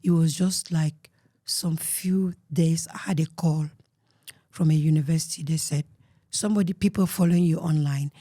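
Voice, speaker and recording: A woman with a Cameroonian accent telling her life story as an interview guest, earnest and emotional, often dropping to a soft murmur. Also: deep voice, fairly even intonation, normal speed, no echo, studio quality.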